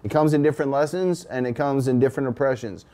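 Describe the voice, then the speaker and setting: A man's voice: medium pitch, fast talker, warm tone. A man in his forties with a Canadian accent, hosting a casual, profane, rambling livestream chat. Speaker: host.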